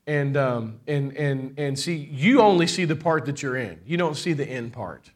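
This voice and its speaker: A middle-aged man, a pastor, preaching a lively sermon and calling out to the congregation for amens. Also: mid-range voice, normal speed. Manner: preaching with call-and-response and laughter.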